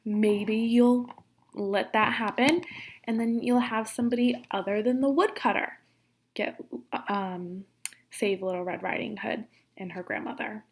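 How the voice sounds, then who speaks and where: A woman teacher reading a fairy tale aloud to children and encouraging them, expressive and friendly. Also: fairly high pitch, a little slow, husky. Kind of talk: read-aloud story and class instructions.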